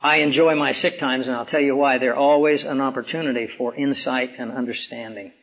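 A man preaching a sermon as pastor, hoarse from swollen tonsils, with emphatic rises and slow, dramatic drops. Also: mid-range voice, steady tone. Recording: dull lo-fi recording.

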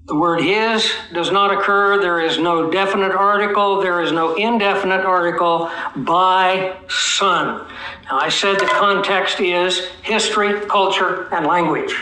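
A man preaching an expository sermon, teaching his congregation, asking them questions and slowing down to stretch key words for emphasis. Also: high-pitched, sharp tone. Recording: echoey room.

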